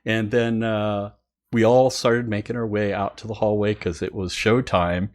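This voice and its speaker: A man who hosts a music channel, telling a story casually and excitedly, with many fillers and frequent laughter. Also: fairly low pitch, normal speed.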